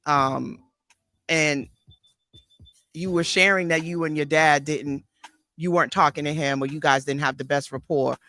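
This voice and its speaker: A woman who works as a therapist and life coach hosts a casual interview, speaking reflectively but haltingly, with frequent restarts and fillers. Her voice is deep and fairly bright, her intonation fairly even, with no echo.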